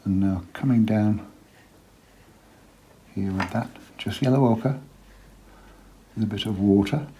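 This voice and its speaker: A man giving a relaxed watercolour painting lesson, chatty and quiet, often dropping to a murmur as he works. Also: fairly low pitch, slow, a little hiss or hum. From England. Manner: quiet, chatty, drops to a murmur while working.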